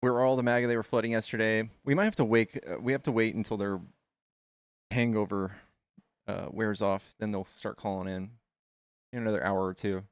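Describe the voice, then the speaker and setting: A man hosting a livestream, chatting casually with his viewers in quick asides and calling them "dude" and "guys". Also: lowish voice, fairly even intonation, clear, resonant tone, no room sound. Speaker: livestream host. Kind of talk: casual chat with callers and chat.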